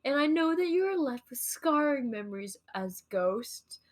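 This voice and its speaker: A woman's voice: high-pitched, sing-song, moderate pace. A woman co-host chatting casually and reading along on a stream, with playful reactions and laughter.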